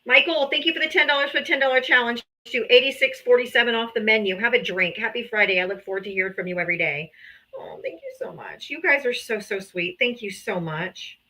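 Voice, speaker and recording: Talking fast in a slightly high, pushed and bright voice, a female livestream host runs through donations and thanks the people backing her. Her casual thank-yous are heartfelt and appreciative, broken by laughs and sighs, picked up by a streaming setup.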